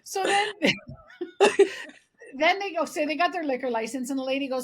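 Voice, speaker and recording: A middle-aged woman from Canada co-hosting a podcast, telling animated stories in casual chat and swearing freely. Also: high-pitched, moderate pace, pauses often. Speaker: podcast co-host.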